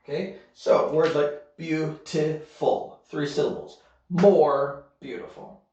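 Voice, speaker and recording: A man's voice: fairly high pitch, takes it slowly, mellow, a little hiss or hum. A man teaching English in a recorded online lesson, explaining patiently step by step and often checking in with "okay?". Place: Korea. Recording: echoey room, muffled sound.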